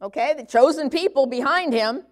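A middle-aged woman with a slightly high voice leads a sermon-style Bible lesson. She talks in a loose, conversational way, often pausing to check in with her listeners. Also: expressive. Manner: conversational teaching, frequent "okay?" check-ins. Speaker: Bible teacher.

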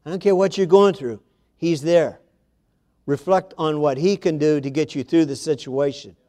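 Man, preacher, sermon, mellow warm tone, slightly high voice, emphatic, addresses congregation. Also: normal speed. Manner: emphatic, reads scripture aloud, addresses congregation directly.

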